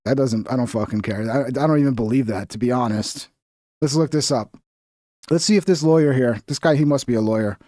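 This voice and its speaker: A man's voice: medium pitch, fairly quick, darkish tone, no echo, clean studio sound. A man streaming casual commentary on clips, blunt, profane and mocking as he rants.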